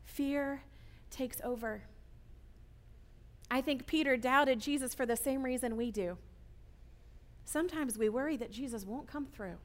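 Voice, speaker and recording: Woman preaching, earnest, keeps going "right?", kinda higher voice. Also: unhurried, pauses often. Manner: earnest, asks "right?" to involve listeners. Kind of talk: sermon.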